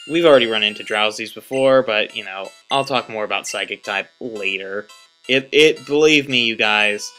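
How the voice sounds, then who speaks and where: A man's voice: medium pitch, bright, forceful tone. A young man casually commenting on a video game he is playing, rambling and joking at himself. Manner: rambling, self-deprecating, jokey. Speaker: let's play commentator.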